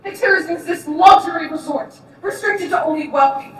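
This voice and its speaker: High-voiced sarcastic woman on a distant stage. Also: a little fast. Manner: sarcastic, mocking, flares into shouting. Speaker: stage actor playing a camp prisoner. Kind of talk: recorded stage play. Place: theatre stage. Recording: roomy distant stage recording.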